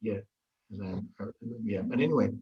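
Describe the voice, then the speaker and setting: Animated male storyteller, dull audio. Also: lowish voice, fairly quick, crowd noise. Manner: animated, lively storyteller who repeats and restarts words. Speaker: guest in a group discussion. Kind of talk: casual conversation with storytelling.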